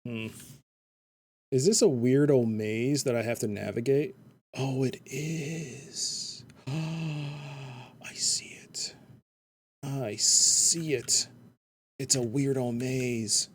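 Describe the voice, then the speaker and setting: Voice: medium pitch, takes it slowly, a little hiss or hum. A game streamer chatting casually through a live playthrough at a home computer, reading game text aloud and humming along to the music.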